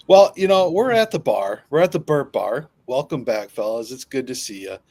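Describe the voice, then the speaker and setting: A man's voice: medium pitch, lively intonation, a little slow, a little mellow, no room sound. Laid-back Wisconsin man, dry close sound. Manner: laid-back, joking, laughs often. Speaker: podcast co-host. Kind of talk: casual bar-style chat.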